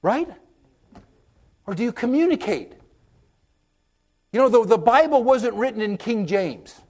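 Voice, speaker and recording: A man preaching a conversational sermon, folksy and direct with his listeners, swinging from loud emphasis to hushed, whispered moments. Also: extremely high pitch, sing-song, a little slow. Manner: folksy, direct, addresses listeners with okay and amen.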